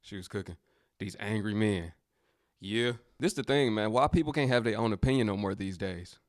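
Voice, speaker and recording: A man's voice: fairly low pitch, normal speed, no room sound, clean studio sound. A man giving casual commentary in a laid-back, reflective way.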